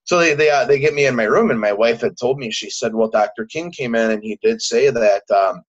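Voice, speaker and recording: A man telling a personal story as a guest in a casual interview, halting and repeating words, acting out what people said. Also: mid-range voice. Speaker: podcast guest. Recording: dull lo-fi recording.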